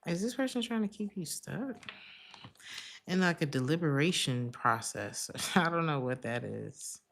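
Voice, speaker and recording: A woman's voice: deep voice, expressive, a little slow, gravelly, a bit bright. A woman giving a casual tarot reading, chatty and slangy, laughing often between remarks. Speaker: tarot reader.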